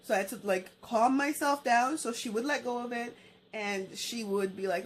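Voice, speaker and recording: Young woman, storytime vlog, higher voice, casual, animated, acts out dialogue. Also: normal speed, a little hiss or hum. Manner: conversational, informal storyteller. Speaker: vlogger.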